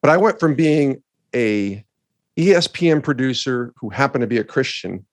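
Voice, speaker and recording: A middle-aged man recounts a story to his co-host with earnest, animated energy, slipping into the voices of the people he quotes. His voice sits at an ordinary middle pitch. The sound is dry and close, with no room echo. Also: moderate pace. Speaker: podcast co-host. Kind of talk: storytelling in a conversation.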